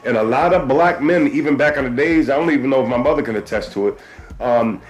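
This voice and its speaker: A man's voice: mid-range voice, fast, soft background music. A man hosting a podcast, telling stories in casual chat with many restarts and stammers. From US East Coast. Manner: animated storyteller, stammers and restarts. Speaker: podcast host.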